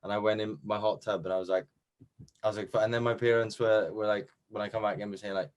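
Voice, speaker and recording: A man's voice: fairly low pitch, flat delivery, fast talker. A young man with a Welsh accent, chatting modestly in an interview about winning a competition, with lots of fillers and restarts. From Wales. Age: young adult. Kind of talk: casual chat.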